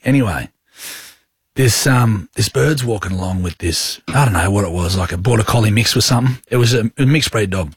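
An Australian radio host with a slightly rough, mid-range voice tells a story with animation during casual banter, acting out what he said. The recording is dry and studio quality, captured on a studio mic in a radio studio.

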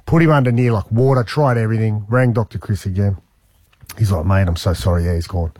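A man in his forties, a radio host telling a story in a lively, slangy way and acting out what people said. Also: on the low side, brisk, no room sound. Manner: animated, slangy, acts out quotes.

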